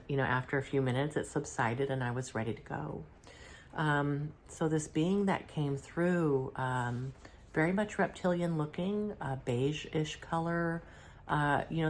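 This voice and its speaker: A middle-aged woman, unwell, calmly recounting a spiritual channeling session in a halting, reflective way, clearing her throat now and then. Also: sits low, a little hiss or hum. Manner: halting and reflective, with many fillers and restarts. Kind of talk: casual first-person account.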